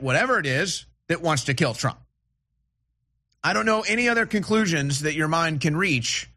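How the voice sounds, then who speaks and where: A man's voice: sits high, sharp tone. A man hosting a political call-in radio show, ranting with repeated rhetorical questions and restarts. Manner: agitated, repetitive, rising to indignant rhetorical questions. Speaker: radio talk show host.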